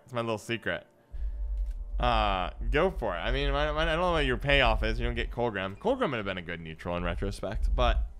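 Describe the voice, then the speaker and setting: Animated, smooth-voiced male game streamer. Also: mid-range voice. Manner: playful, chatty, reads and answers chat aloud. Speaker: streamer playing a card game. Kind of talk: casual live-stream gameplay commentary.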